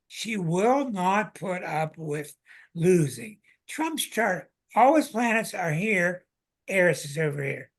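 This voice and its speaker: An excitable man hosting a live online astrology show. He speaks with emphatic enthusiasm and sounds a little out of breath as he presses each point to his viewers. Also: high voice, slow pace.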